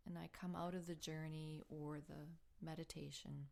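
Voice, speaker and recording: Woman, lowish voice, earnest heartfelt storytelling, slips into soft whispers. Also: fairly even intonation, unhurried, gravelly, few pauses. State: emotional while telling the story. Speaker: spiritual healing podcast host. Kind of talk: personal storytelling.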